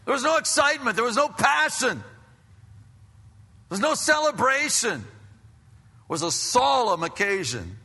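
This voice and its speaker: A man preaching a sermon as pastor, telling stories in an animated way and acting out the people in them. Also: extremely high pitch, a little slow, long pauses, breathy edge, in a large hall. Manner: animated storytelling, acts out voices.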